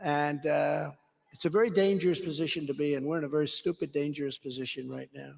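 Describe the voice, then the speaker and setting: An older man giving a rambling, boastful rally speech, repeating phrases and swinging between quiet asides and shouted emphasis. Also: a little high, steady tone, quick pace, gravelly, long reverb tail. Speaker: political speaker. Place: political rally.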